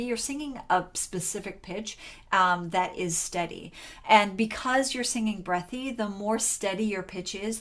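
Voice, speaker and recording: A young adult woman teaching a singing lesson in a relaxed, chatty way, with sung demonstrations between explanations. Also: medium pitch.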